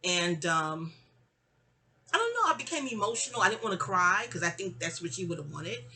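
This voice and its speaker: A woman, telling a personal story in an animated, digressive, sassy way. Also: lowish voice, normal speed, slight background noise. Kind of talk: casual storytime monologue.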